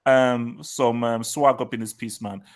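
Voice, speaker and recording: A man's voice: medium pitch, fairly even intonation, unhurried. A man hosting a casual live football chat, reading out viewer comments, laughing and repeating himself. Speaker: host.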